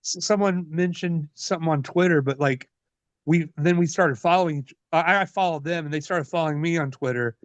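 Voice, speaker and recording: Profane, animated man telling wrestling stories. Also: a little high, fairly quick, no echo. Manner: profane, animated, laughs often. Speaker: wrestler guest. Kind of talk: casual storytelling. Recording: dull lo-fi dry sound.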